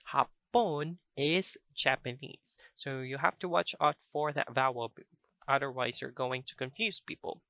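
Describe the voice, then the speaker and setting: A teacher, patiently explaining a language lesson and repeating example phrases slowly. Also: medium pitch, gravelly, sharp tone, no echo, clean studio sound. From Philippines.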